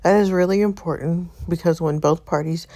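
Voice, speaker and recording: A woman reading the lines of a calm, professional female marriage counselor in a story game. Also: fairly low pitch, natural voice. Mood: measured. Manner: measured, advising.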